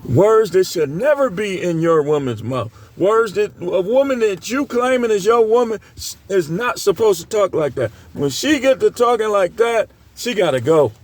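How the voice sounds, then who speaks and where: A man's voice: sits high, animated, moderate pace, hardly any pauses, a little mellow, no room sound. A middle-aged man giving blunt, scolding dating commentary, lecturing his viewers in a preachy way. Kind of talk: ranting commentary to camera.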